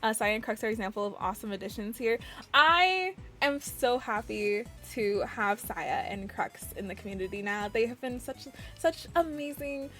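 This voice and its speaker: A young woman chats casually with her live-stream viewers through a desk microphone. Her voice sits high, and she gushes, giggles and restarts her sentences. Faint music plays underneath. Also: animated, moderate pace, sharp tone. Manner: bubbly, gushing, frequent giggles and restarts. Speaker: variety streamer.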